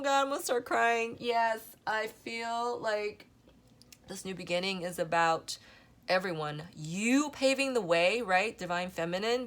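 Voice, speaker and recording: A woman giving a channeled tarot reading to her viewers, rambling and emotional, often stopping to check in with them. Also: on the low side. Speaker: tarot reader.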